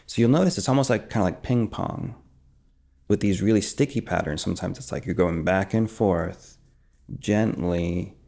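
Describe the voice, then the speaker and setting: Low gravelly man, mellow tone, calm teacher who sometimes whispers. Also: normal speed. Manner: soft, drifts into whispered examples. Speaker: meditation teacher. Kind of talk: calm spoken guidance.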